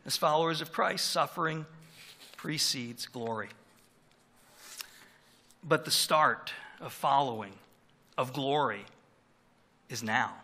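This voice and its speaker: Middle-aged man, pastor, sermon delivery, bright tense timbre, mid pitch, conversational storytelling. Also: a little slow, pauses often, breathy edge. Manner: conversational storytelling with dynamic emphasis.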